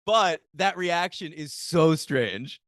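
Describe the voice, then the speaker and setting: A man co-hosting a podcast in casual chat, relaxed and fond of telling anecdotes. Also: on the high side, slow, no echo, clean studio sound. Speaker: podcast co-host.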